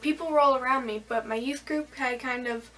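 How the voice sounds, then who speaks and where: Teen girl, high bright voice, casual storytime, giggly and rambling, faint room noise, a bit off-mic. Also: fairly quick, distant mic, low-quality recording. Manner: rambling, giggly, many fillers. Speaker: vlogger.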